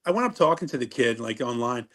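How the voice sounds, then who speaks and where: A man's voice: mid-range voice, sing-song, fast talker. A middle-aged man chats casually as an interview guest. He rambles through his stories, doubling back and breaking off his own sentences. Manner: rambling, self-interrupting storyteller. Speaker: interview guest, former wrestler.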